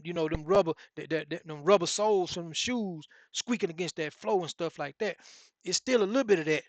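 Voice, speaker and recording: Brief: man in casual storytelling, somewhat high voice, gravelly texture, rambles and repeats himself. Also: fairly bright tone, no echo. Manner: rambling, repeats phrases, many fillers.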